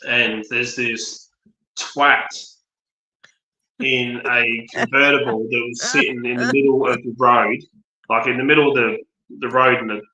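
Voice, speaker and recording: An Australian man in casual conversation, blunt and unafraid to swear. His voice is bright and lively. The sound carries a roomy echo. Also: medium pitch, measured pace. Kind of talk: casual chat.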